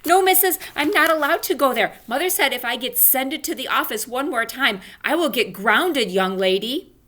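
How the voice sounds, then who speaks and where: A woman voicing a loud, feisty little kindergarten girl while reading a children's book aloud, with shouty, childlike outbursts. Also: on the high side, sing-song, unhurried, voice pushed up, exaggerated voice. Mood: indignant whining.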